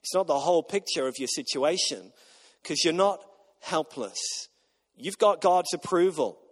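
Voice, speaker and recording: A man's voice: on the high side, moderate pace, breathy edge. A man preaching a sermon as pastor, emphatic and repetitive, getting the congregation to repeat lines back. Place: church auditorium. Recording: long reverb of a large hall.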